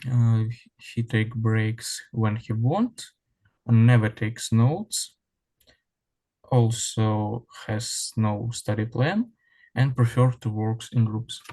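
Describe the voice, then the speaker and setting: Very slow, halting male student. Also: lowish voice, fairly even intonation, warm tone, poor audio. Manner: halting, hesitant non-native English. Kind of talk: answering in class. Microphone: video call.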